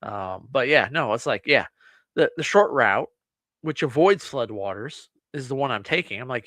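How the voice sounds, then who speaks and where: A man's voice: mid-range voice, lively intonation, moderate pace, fairly bright tone, no room sound, clean studio sound. A man co-hosting a casual live-stream show, laid-back, giving short replies and talking to the chat. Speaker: podcast co-host.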